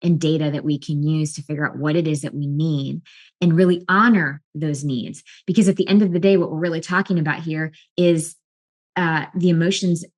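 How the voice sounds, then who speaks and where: Calm, earnest woman coach, low-pitched. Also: fairly quick. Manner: calm, earnest, with frequent restarts. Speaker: life and wellness coach. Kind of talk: explanatory talk to camera.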